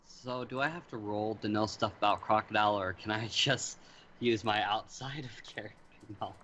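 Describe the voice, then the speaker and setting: A man's voice: on the low side, fairly even intonation, moderate pace, sharp tone, slight background noise. A man playing a tabletop game, talking in a dry, understated way. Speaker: player. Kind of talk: casual tabletop chat.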